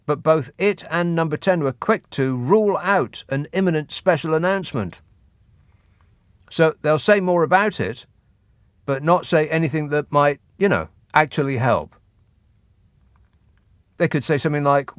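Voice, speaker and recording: A man's voice: a little high, a little slow, pauses often, no room sound, clean studio sound. A man hosting a radio phone-in show, reading out news with sardonic, mocking asides. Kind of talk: satirical news commentary. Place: radio studio. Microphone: studio microphone.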